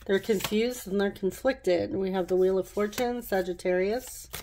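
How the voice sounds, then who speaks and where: A woman's voice: medium pitch, normal speed, background noise. A woman giving a casual pick-a-card tarot reading, chatty and rambling, often laughing at herself as she works through the cards.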